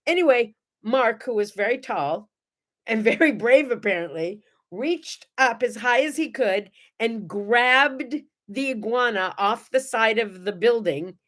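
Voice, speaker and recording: A middle-aged woman hosting a morning show, chatting to viewers and telling animated stories. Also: a little high, unhurried. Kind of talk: casual chat and storytelling.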